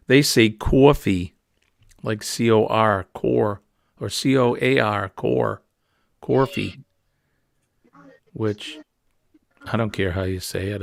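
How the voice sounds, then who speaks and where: A man's voice: fairly low pitch, gravelly, no echo. A man with a New England accent hosting a casual, rambling morning livestream chat. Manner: chatty, rambling, easygoing. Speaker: livestream host.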